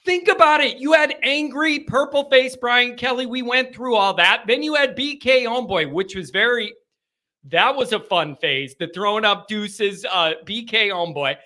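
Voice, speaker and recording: A man's voice: very high-pitched, moderate pace, sharp tone. A man hosting a live sports call-in show, chatting casually with rambling asides, laughter and self-interruptions.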